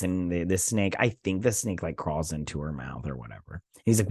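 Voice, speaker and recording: A man's voice: deep voice, brisk, hardly any pauses, darkish tone, breathy edge, no room sound, clean studio sound. Casual rambling man recapping a show. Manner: rambling, retells scenes with quoted lines; frequent fillers and restarts. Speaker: host of a TV review channel.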